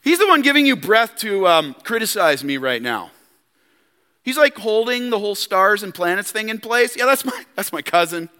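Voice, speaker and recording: A man's voice: high voice, lively intonation, moderate pace, long pauses, pushed and bright, smooth, in a large hall. A man voicing a boastful young male prophet who shows off his credentials in a smug, slangy way. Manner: smug, bragging, casual slangy asides.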